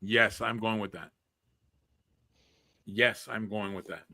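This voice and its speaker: A man co-hosting a casual wrestling podcast, chatty and quick to laugh, leading each segment. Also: fairly low pitch, steady tone, gravelly, pushed and bright. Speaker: podcast co-host. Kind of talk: casual wrestling predictions chat.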